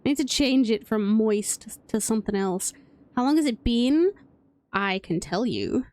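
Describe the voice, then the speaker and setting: A woman's voice: on the high side, lively intonation, a little slow, a little mellow, no echo. A woman from Wales with a British accent, chatting playfully and rambling through live gameplay commentary as a streamer. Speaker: game streamer.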